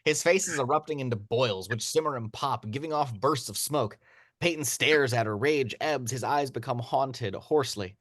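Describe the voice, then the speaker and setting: A man reading a screenplay's action lines aloud as narrator, in steady read-aloud narration. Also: medium pitch, moderate pace, dry recording, studio quality. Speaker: narrator of stage directions.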